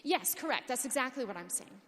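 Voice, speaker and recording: A woman's voice: sits high, lively intonation, fairly quick, a bit bright. Woman doing a matter-of-fact male professor in a big hall. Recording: long reverb of a conference hall.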